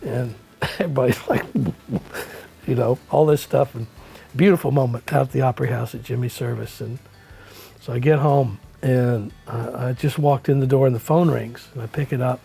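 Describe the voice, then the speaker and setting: Older man, relaxed interview guest telling a story, dark gravelly voice. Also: mid-range voice, normal speed, soft background music. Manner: relaxed storyteller, folksy with many "you know"s. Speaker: country musician, interview guest.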